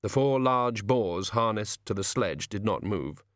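A man narrating an audiobook in a measured, dry storytelling manner, close to the mic. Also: fairly low pitch, expressive, a bit bright, no echo. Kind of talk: scripted narration.

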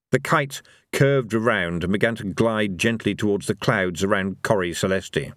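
A man narrating an audiobook in a lively, expressive reading. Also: fairly low pitch, moderate pace, hardly any pauses, dry recording, studio quality.

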